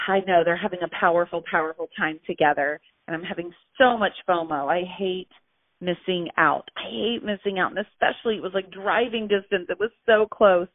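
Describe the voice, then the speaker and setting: Bubbly woman on a phone line. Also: fairly low pitch. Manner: bubbly and gushing, with frequent laughs and fillers. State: pregnant and a little out of breath. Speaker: host of a weekly motivational call. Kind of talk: casual motivational phone message. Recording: tinny phone line, dry.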